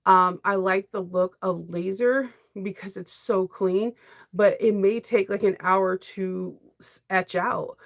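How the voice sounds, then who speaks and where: A middle-aged woman sewing vlogger chatting casually on a livestream, talkative and quick to laugh. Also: medium pitch, steady tone, vocal fry. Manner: chatty, laughs often, emotional.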